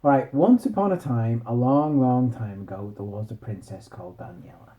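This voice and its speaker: A man's voice: medium pitch, animated, normal speed, phone-quality sound. A man improvising a meandering, playful bedtime story. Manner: playful, meandering, self-interrupting.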